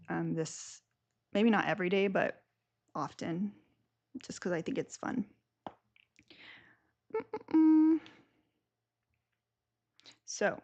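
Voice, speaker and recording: Chatty woman with a gravelly low voice. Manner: chatty, rambling, lots of "like" and "um". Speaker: live stream host. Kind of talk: casual live stream chat.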